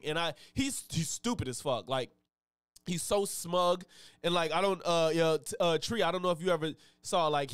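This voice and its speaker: A man's voice: on the high side, dry recording. A man hosting a live stream, chatting loosely and profanely in a rambling way. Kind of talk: casual live-stream reaction chat.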